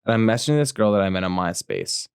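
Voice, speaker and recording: A man's voice: on the low side, animated, fast talker, smooth, no room sound, studio quality. A man co-hosting a podcast, telling a crude story with lots of fillers and acting out quotes in a raised voice. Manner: rambling, crude, full of fillers. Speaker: podcast co-host. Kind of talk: casual podcast chat, storytelling.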